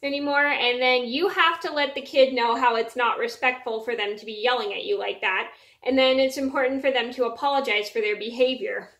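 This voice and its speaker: A woman's voice: on the high side, a little fast, fairly bright tone. A woman telling a story on her vlog in a casual, earnest way, often repeating herself and restarting her sentences. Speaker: vlogger. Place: her room at home. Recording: echoey room.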